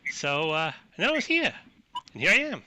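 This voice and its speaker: A man plays a brassy New York barmaid from the 1920s, talking fast in a high, nasal voice. She jumps well above the usual pitch and belts it out brightly. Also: very animated, a little hiss or hum, heavily acted. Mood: chatty.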